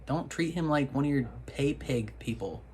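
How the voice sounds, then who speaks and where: A man's voice: mid-range voice, normal speed, a little mellow, a little hiss or hum. A man hosting a reaction video, talking back at the screen in exasperated, casual commentary.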